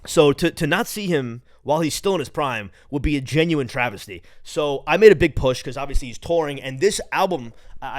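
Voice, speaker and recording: A man in his late twenties from Long Island with a New York accent, hosting a casual solo podcast in a profane, rambling, excitable way. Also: mid-range voice, no echo, clean studio sound. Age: late 20s. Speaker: podcast host.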